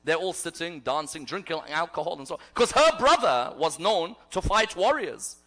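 A man preaching a storytelling sermon, swinging from loud declaiming to a hushed near-whisper. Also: on the high side, lively intonation, normal speed.

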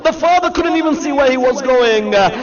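High-voiced man preaching a mourning sermon. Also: lively intonation, a little fast. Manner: impassioned, cries out quoted lines, many "uh" fillers. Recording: lo-fi recording with gathered crowd.

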